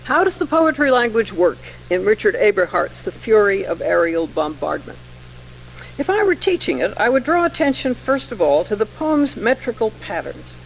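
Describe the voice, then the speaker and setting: Older woman professor, measured and wry, gravelly voice, lecturing in a hall. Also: mid-range voice, sing-song, slight background noise. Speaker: English professor giving a lecture. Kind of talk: formal lecture with poetry read aloud.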